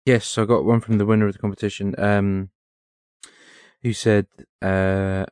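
A man's voice: fairly low pitch, flat delivery, normal speed, darkish tone, clean tone, dry recording. A man co-hosting a casual podcast, giving sarcastic, ranting answers. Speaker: podcast co-host. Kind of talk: casual chat.

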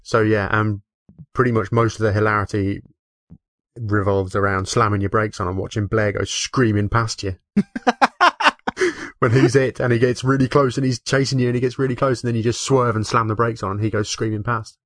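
A man's voice: fairly low pitch, fairly even intonation, brisk, dry recording. A man from the UK chatting casually on a gaming podcast, dry and sweary with a matter-of-fact delivery. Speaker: podcast co-host.

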